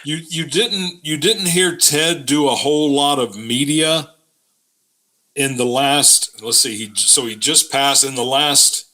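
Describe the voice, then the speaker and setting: Bright-toned man telling anecdotes. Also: medium pitch, a little slow. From Georgia, US. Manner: relaxed anecdote teller, many "you know" fillers. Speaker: podcast guest. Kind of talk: casual storytelling chat.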